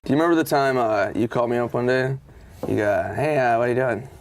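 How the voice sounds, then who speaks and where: A man's voice: medium pitch, quick pace. A man casually telling backstage stories as a comedian, acting out what everyone said in a raised voice and swearing freely. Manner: animated, acts out quotes in a raised voice. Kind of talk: casual storytelling.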